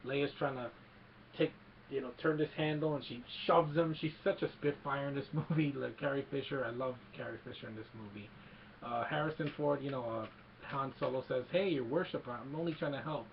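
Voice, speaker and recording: A man's voice: mid-range voice, fairly even intonation, a little fast, gravelly, a little hiss or hum. A man giving a casual, rambling film recap, retelling scenes and quoting lines, on a slightly dull lo-fi home recording. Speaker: movie reviewer.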